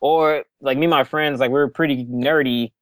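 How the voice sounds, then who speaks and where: A man's voice: mid-range voice, steady tone, normal speed, a bit bright, no room sound. A young man calling in to a talk show, rambling in a casual way, with lots of "like" and frequent chuckles. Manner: rambling, many "like" fillers, chuckling. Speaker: caller. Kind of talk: casual call-in chat.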